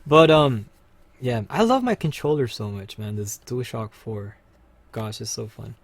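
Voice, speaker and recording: A man's voice: mid-range voice, animated, unhurried. Chatty man hosting a gaming stream. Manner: chatty, upbeat, talks to viewers while playing. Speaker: livestream host. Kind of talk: casual gaming livestream commentary.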